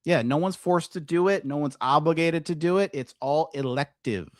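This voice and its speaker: A man's voice: fairly high pitch, moderate pace, no room sound, studio quality. A man hosting a livestream commentary show, ranting profanely and combatively at viewers in his chat.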